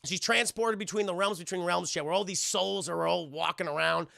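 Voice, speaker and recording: A man recapping a TV episode on a live stream, excitable and profane, who keeps talking to his chat. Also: high voice, brisk, gravelly, no echo, studio quality. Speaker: streamer and TV reviewer.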